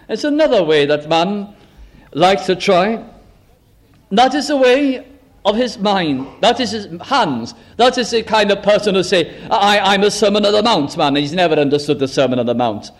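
High-voiced preacher with slow emphatic delivery. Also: male voice, expressive. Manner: dramatic, acts out boastful quoted voices, slow emphatic phrasing. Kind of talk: sermon.

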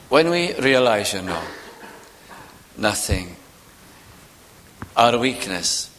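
A man preaching a sermon in an earnest, emphatic way, slowing down and going quiet on solemn points. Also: a little high. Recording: long hall reverb.

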